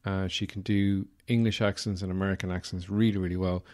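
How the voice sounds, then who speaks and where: A man's voice: deep voice, level tone, brisk, darkish tone. Podcast host: Irish man, easygoing, rambling, salty language. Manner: rambling, sweary, full of fillers. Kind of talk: casual chat.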